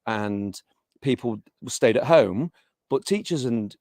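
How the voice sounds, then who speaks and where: A middle-aged English teacher is interviewed in a casual chat, hesitating often with frequent restarts and fillers. His mid-range voice is animated, slow, and darkish, recorded cleanly in a studio with no echo.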